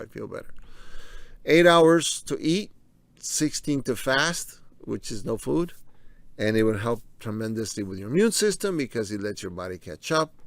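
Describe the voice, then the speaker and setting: Man, casual explainer, gravelly voice, dry close sound, repeats points, asides to viewers. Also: lowish voice, dry recording. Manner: walks through on-screen slides. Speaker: presenter of a health video.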